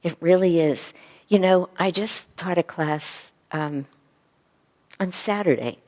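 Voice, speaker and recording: Low-pitched lady teaching a yoga class, gentle earnest talk, echoey hall. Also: slow.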